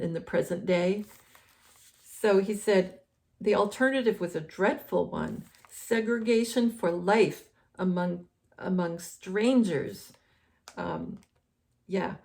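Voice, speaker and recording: A woman's voice: fairly low pitch, creaky, darkish tone. A woman hosting a casual commentary, rambling with many fillers and restarts, saying she is losing her voice. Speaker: host.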